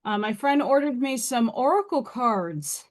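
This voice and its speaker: A woman hosts a casual live stream from home with a fairly high voice. She talks slowly and loosely, drifting into rambling asides and laughing often. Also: animated.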